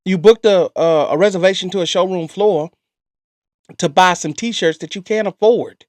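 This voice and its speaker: A man's voice: high-pitched, moderate pace, darkish tone, no room sound, studio quality. A man giving blunt, lecturing commentary and advice in reaction to a clip.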